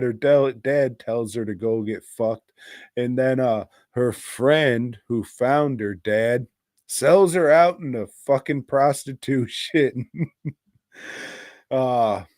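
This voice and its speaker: A man's voice: medium pitch, darkish tone, dry recording, studio quality. A man co-hosting a podcast, reviewing movies in a profane, rambling and irreverent casual chat. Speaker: podcast co-host.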